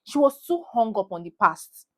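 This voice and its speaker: A young woman with a Nigerian accent rants about a film straight into her phone camera. Her voice sits a little high, and she drives her points home by saying them again and again. It has the loose, heated energy of a casual vlog. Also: sing-song, normal speed, darkish tone. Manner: heated, emphatic, repeats herself for emphasis. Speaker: vlogger. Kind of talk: animated movie rant.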